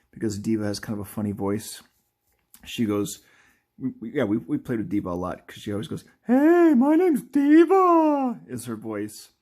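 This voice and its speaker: A man's voice: lowish voice, darkish tone. A man hosting a live drawing video, chatting casually in a rambling, playful way that keeps correcting itself. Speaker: artist and video host.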